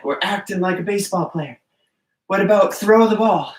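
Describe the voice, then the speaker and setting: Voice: medium pitch, moderate pace. A gymnastics coach leading a children's movement class, counting aloud and encouraging small children and their parents. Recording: roomy, distant from the mic.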